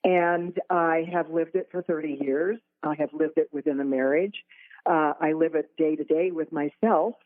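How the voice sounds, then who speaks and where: A woman's voice: low voice, fairly even intonation, moderate pace, no room sound. A woman guest on a talk radio interview, telling her story with fillers and light laughs. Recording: tinny call line.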